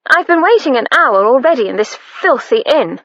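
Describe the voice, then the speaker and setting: A strident, haughty woman with a raised, impatient voice, as a woman narrator plays her. She complains with sharp demands. The storybook read is dry and a little dull. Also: high voice, big pitch swings, moderate pace, dry recording, pitched above the performer's own voice, exaggerated voice.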